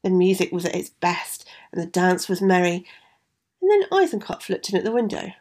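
A woman reading a fairy tale aloud in a measured, expressive way. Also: lowish voice. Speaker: storyteller.

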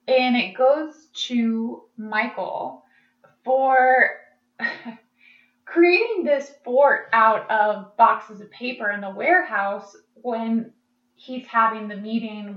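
A woman co-hosting a casual podcast, chatty and laughing often as she recaps. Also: a little high. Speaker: podcast co-host. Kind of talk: casual chat. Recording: echoey, dull lo-fi sound.

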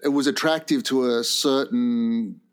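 A man's voice: medium pitch, unhurried, smooth. A middle-aged Australian man reminiscing in a laid-back, rambling way on a podcast. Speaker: podcast co-host. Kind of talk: casual chat.

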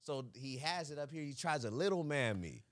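A man's voice: on the high side, expressive, fairly quick, no echo, studio quality. A young man co-hosting a podcast, telling a story in casual chat, acting out the quotes and laughing often. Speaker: podcast co-host.

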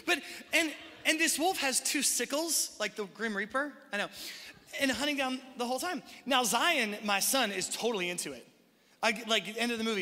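Bright-voiced pastor preaching in a hall. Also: male voice, very high-pitched, moderate pace. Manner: conversational, animated preaching with asides. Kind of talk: sermon. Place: large church hall. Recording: live sermon in a reverberant hall.

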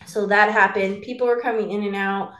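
A woman's voice: medium pitch, fairly even intonation, fairly quick, fairly bright tone, reverberant. A woman in casual podcast chat, rambling and filling with "like" as she acts out quoted dialogue. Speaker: podcast co-host telling her birth story.

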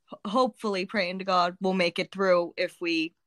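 A woman's voice: on the low side, steady tone, moderate pace, a bit bright. A young adult woman earnestly and candidly sharing her faith testimony as a guest, in a colloquial way. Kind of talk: casual testimony retelling.

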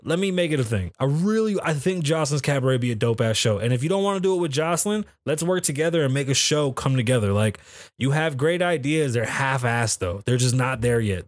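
Recording from his home in Las Vegas, a man hosts his own solo podcast, rambling bluntly, casually and profanely about pop culture and his city. His medium-pitched voice is animated and fairly quick, with no echo. He's an adult who says he's too old for festivals.

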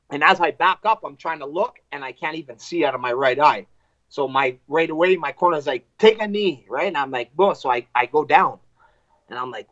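A man, a fighter, telling a fight story in casual chat, animated and profane, acting out what people said. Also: on the high side, dry recording, dull audio. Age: adult with wife and two kids. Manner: animated, profane, acts out quotes.

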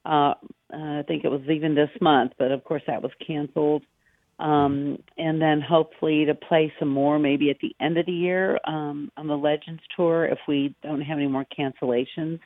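A woman's voice: deep voice, fairly even intonation, moderate pace, no echo. A middle-aged American woman, a golf professional guest on an interview, telling anecdotes in a chatty, easygoing way over the phone. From United States. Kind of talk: casual interview chat. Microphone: phone call. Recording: dry tinny phone line.

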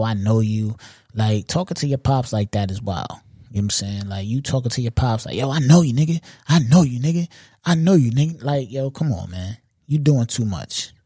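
A man on a podcast mic, talking things over in an easy, mellow tone. His speech is loose and full of slang and profanity, peppered with asides to the listener. The sound is close and dry. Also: mid-range voice, no room sound. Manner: loose, profane street slang, frequent "you know what I'm saying". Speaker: podcast host. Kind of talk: casual commentary.

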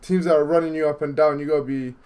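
A man's voice: fairly high pitch, steady tone, rapid-fire, smooth. Teasing man in casual sports chat. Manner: laughs loudly, teasing, says "bro" often. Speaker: podcast co-host.

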